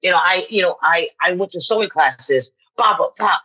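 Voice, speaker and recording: This woman in her fifties talks with a bright, forceful tone roughened by a husky grain. She tells personal stories to a podcast host and acts out each quoted person. The audio is somewhat dull and lo-fi. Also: on the low side, moderate pace. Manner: animated storyteller who acts out quoted voices. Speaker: podcast guest, actress. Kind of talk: personal storytelling in conversation.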